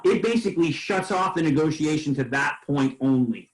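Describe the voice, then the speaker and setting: Fast-coaching male sales trainer. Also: fairly high pitch, poor audio. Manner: coaching, quick asides, repeats words when starting. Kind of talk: sales training role-play.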